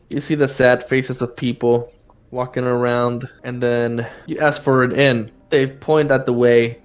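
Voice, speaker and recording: A man narrating a horror tabletop game as game master, casual and quick to laugh. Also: medium pitch.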